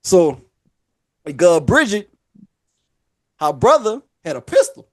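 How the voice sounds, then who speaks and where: A man's voice: sits high, very animated, takes it slowly, no room sound. A man telling a long story casually on a podcast, acting out the voices and laughing often.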